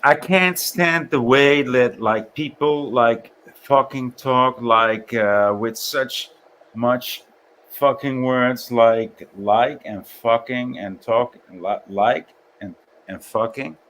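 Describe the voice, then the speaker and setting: A man's voice: mid-range voice, takes it slowly, a bit bright, a little hiss or hum. A man chatting casually, swearing and stacking filler words. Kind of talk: casual chat.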